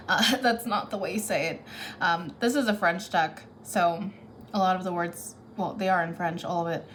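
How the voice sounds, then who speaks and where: A woman's voice: fairly low pitch, moderate pace, slight background noise. A woman giving a casual tarot reading who thinks aloud and corrects herself as she goes, caffeinated. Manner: chatty, thinks aloud, restarts and self-corrects. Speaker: tarot reader.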